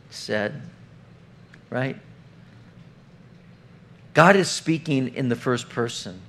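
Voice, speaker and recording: Man preaching, conversational sermon, earnest, asks the room questions. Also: medium pitch. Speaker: pastor.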